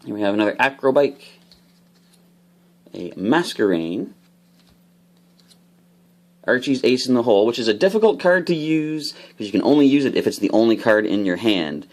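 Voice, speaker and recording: A man casually opening trading card packs, explaining each card's rules with bursts of excitement. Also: medium pitch, normal speed, long pauses. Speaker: card unboxing host. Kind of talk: casual unboxing commentary.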